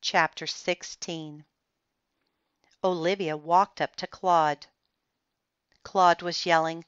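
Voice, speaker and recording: Slow, careful woman reading a storybook aloud. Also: low-pitched, fairly even intonation, fairly bright tone, smooth, no echo. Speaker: storybook reader. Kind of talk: reading a children's chapter book aloud. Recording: slightly dull, muffled recording.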